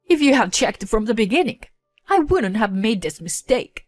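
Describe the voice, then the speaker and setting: A woman voicing a scheming older mother-in-law who is indignant and quick to shift blame. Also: on the high side, big pitch swings, dry recording, faint music behind. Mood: defensive.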